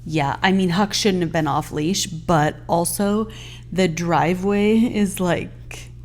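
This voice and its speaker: A woman with a fairly low voice co-hosts a relaxed podcast from a house-sit. She chats freely and teases her co-host, filling her talk with "um" and "like". The mood is loose, everyday conversation. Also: takes it slowly. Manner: chatty, filler-heavy, teasing. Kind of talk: casual podcast chat.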